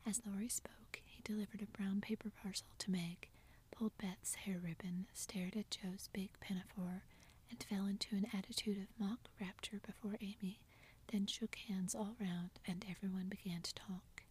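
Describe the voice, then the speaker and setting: A woman narrating a classic novel entirely in a soft whisper, as whispered role-play. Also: mid-range voice, little pitch movement, normal speed, husky. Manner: soft unvoiced whisper throughout.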